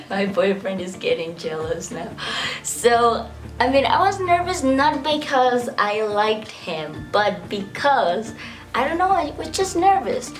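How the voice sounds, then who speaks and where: Young woman, vlogger, casual story time, lots of "like" and laughter, faint music underneath. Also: a little high. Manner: chatty, fills speech with "like" and laughs.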